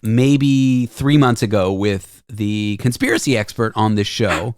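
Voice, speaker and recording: A man's voice: fairly low pitch, measured pace, clear, resonant tone, dry recording, studio quality. A man hosting a radio talk show in a casual, jokey chat. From Canada. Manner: lively and chatty, jokey. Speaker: radio host. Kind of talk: casual conversation.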